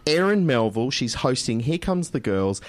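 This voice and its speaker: A man's voice: medium pitch, very animated, normal speed. A man co-hosting a community radio show, chatting casually and announcing plugs with emphasis. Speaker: radio co-host.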